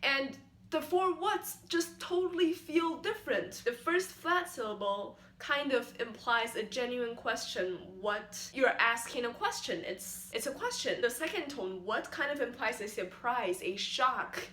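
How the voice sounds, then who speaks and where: Young woman, bright higher voice, playful rambling vlog talk, roomy echo. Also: animated, measured pace. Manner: playful, rambling, self-mocking. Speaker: YouTuber. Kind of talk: casual vlog explainer. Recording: echoey room.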